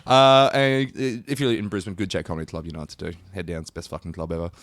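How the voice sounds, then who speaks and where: A man's voice: deep voice, steady tone, fast talker, dry recording, clean studio sound. An Australian man co-hosting a podcast in casual chat, crude and jokey. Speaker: podcast co-host.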